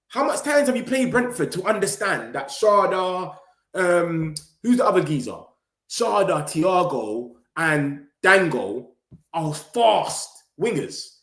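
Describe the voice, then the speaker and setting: A young man, chatting casually and excitedly to his viewers in street slang, running his words together. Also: sits high. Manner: excitable, slangy, rapid run-on talk. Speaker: football vlogger streaming to viewers. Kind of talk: casual live-stream chat. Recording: roomy echo.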